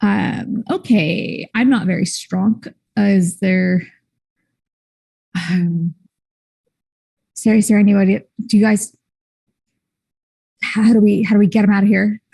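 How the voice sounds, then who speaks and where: A woman's voice: medium pitch, a little slow, creaky, long pauses, mellow, husky. A woman playing in a tabletop role-playing game, speaking in character in a stammering, reassuring way. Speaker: player.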